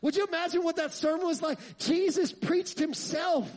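A man preaching a sermon, asking the congregation rhetorical questions and building to loud, fervent passages. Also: extremely high pitch, normal speed.

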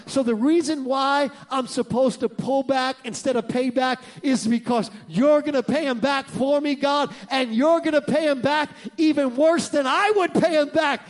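A man preaching a sermon as pastor, swinging from loud bursts to hushed lines and acting out voices in his stories. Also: extremely high pitch, moderate pace, few pauses.

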